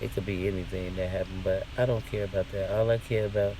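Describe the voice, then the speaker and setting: A man's voice: deep voice, little pitch movement, quick pace, dark tone, slight background noise. A man vlogging a casual, profane rant in an indignant, questioning way.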